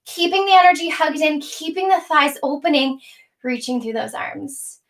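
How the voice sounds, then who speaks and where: A woman's voice: sits high, lively intonation, moderate pace. A young adult woman leading a live yoga class, cueing breaths and poses in a playful way, a little out of breath as she moves along. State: slightly out of breath while moving. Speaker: yoga teacher.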